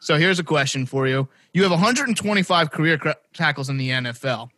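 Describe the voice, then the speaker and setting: A man co-hosting a casual chat, playful with quick banter. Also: a little high, animated, bright, forceful tone, dry recording. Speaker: podcast co-host.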